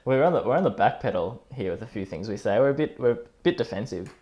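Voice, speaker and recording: A man's voice: mid-range voice, animated, fast talker, dark tone. A man co-hosting a casual chat podcast, chatty and teasing, often laughing. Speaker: podcast co-host.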